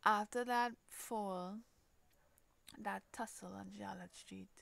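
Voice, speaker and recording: A woman with a Trinidadian accent hosting a podcast, telling a personal story in a halting way, repeating words, swearing and sometimes dropping almost to a whisper. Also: mid-range voice, fairly even intonation, creaky, fairly bright tone, no room sound. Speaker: podcast host.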